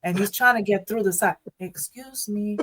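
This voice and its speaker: A woman co-hosting a podcast in casual chat, animated, laughing often and repeating her phrases. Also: medium pitch, fast, husky. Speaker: podcast co-host.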